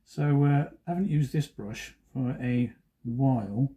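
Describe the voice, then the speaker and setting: Mellow husky-voiced joking cartoonist man. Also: mid-range voice, unhurried. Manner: joking, self-deprecating asides. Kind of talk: chatty drawing commentary.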